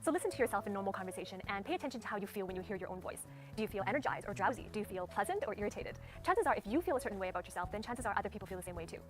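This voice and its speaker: Brisk woman giving speaking tips. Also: medium pitch, animated, soft background music. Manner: brisk, clearly enunciated teaching delivery. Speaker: speaking coach. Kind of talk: instructional talk to camera.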